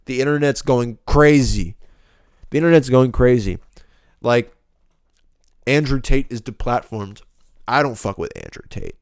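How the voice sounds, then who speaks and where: A man's voice: mid-range voice, sing-song, measured pace, pauses often, smooth, no echo, clean studio sound. A young man hosting a solo podcast, ranting bluntly and profanely in a rambling, casual way. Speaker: podcast host.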